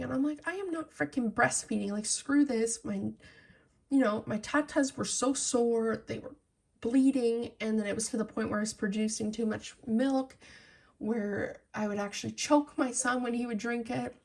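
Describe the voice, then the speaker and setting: A woman's voice: on the high side, moderate pace, creaky, darkish tone. A young adult woman chatting frankly and telling a story to her viewers while she colours. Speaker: colouring channel host. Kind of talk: casual chat while colouring.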